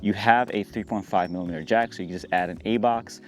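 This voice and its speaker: A man hosting a casual walk-and-talk vlog outdoors on a hillside. He sounds slightly out of breath and talks in a relaxed, chatty way, laughing often. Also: lowish voice, fast talker, a little hiss or hum. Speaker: camera channel host.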